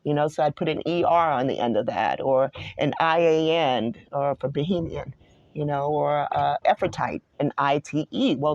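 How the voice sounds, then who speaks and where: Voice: medium pitch, a little mellow, lo-fi sound. Rambling forty-something host from New York. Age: 40s. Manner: rambling, digressive, self-correcting. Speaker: online show host. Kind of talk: solo scripture study talk.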